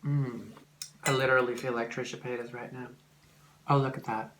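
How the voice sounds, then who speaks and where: A young man with a Norwegian accent chatting casually while eating on camera, rambling with lots of fillers and swearing, sometimes jumping into loud, shrill, mocking outbursts. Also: fairly even intonation, normal speed, a little hiss or hum. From Norway. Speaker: vlogger.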